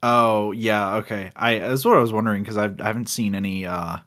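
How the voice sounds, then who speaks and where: A young man from Florida co-hosting a podcast in casual chat, excitable, with loud bursts of laughter and stumbling restarts. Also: on the low side, brisk. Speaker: podcast co-host. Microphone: home computer mic on a call.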